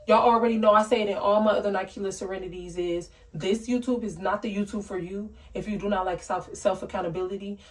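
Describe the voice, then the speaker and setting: Blunt young woman vlogging from a distance. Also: mid-range voice. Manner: blunt, candid, heartfelt ranting. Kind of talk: casual talk to camera. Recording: voice a bit distant from the mic.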